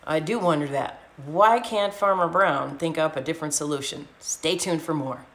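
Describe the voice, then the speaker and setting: A woman's voice: sits low, normal speed, fairly bright tone. A woman co-hosting a children's storytime livestream, chatting cheerfully and asking questions of young viewers. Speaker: co-host. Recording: echoey room, faint background noise.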